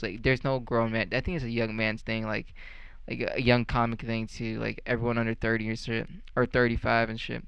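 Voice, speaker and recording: A young man rants in a loose, rambling way, swearing and firing off sarcastic questions. His voice is smooth and clear at a middle pitch. The recording is dry and close. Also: level tone, fairly quick, a bit bright, no room sound, lo-fi sound. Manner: profane, sarcastic, rambling with many fillers. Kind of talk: casual rant.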